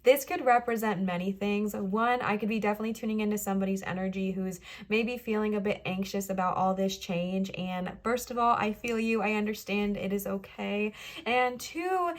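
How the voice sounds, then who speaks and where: A woman giving a pick-a-card tarot reading to camera, fast-talking, gushing and reassuring. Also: mid-range voice. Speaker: tarot reader.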